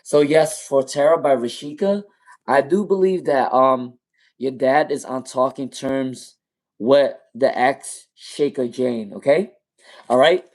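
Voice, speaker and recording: A man's voice: mid-range voice, slow, darkish tone. Casual man reading tarot live. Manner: casual, repeats names and questions, laughs often while reading chat. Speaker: tarot reader.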